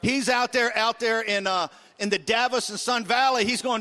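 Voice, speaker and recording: A middle-aged man hosting a political talk show, ranting combatively and shouting in bursts. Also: extremely high pitch, fairly even intonation, normal speed, few pauses. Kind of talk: fiery political rant.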